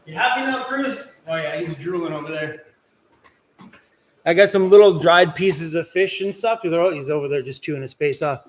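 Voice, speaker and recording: A man's voice: fairly high pitch, normal speed, slight background noise. A man hosting a casual live-stream Q&A from inside his van, chatty and joking about himself.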